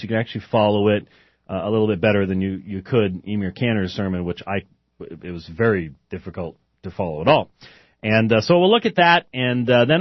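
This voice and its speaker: A man's voice: on the low side, no room sound, lo-fi sound. A man hosting a talk show, chatting casually and wandering off topic, with many fillers and restarts. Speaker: podcast host. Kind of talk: casual rambling commentary.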